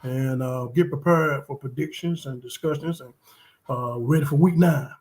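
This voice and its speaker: A man's voice: mid-range voice, normal speed, a little mellow. A man from North Carolina co-hosting a sports podcast, talking casually and emphatically with many ums and repeats. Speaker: podcast co-host.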